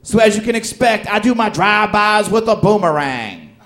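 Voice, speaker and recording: A man putting on a brash young male stand-up comedian who shouts a loud, punchline-driven greeting to the crowd. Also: high-pitched, animated, moderate pace, voice pushed up.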